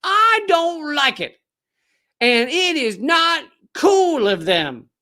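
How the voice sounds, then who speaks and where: A dim, bewildered male TV pundit drawls in a put-on Southern accent, as a comedian mocks him. Each phrase is stretched out slowly in pretend confusion, pitched well above a man's usual speaking voice. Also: big pitch swings, bright, forceful tone, heavily acted. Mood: mock puzzled. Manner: slow, exaggerated mock bewilderment.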